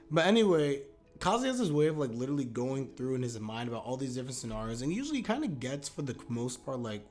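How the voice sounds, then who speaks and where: A man's voice: medium pitch, a little mellow. A young man talking casually and animatedly in a video review, rambling with fillers and restarts. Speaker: manga reviewer.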